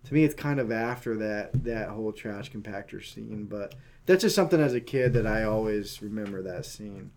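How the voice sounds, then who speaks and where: A man's voice: on the low side, expressive, moderate pace, a little mellow. Man, podcast co-host, casual chat, rambling, lots of ums, teasing. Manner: rambling, filler-heavy, teasing.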